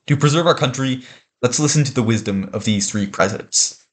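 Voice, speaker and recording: Male narrator, mid-pitched, earnest and preachy, reading a script. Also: a little fast.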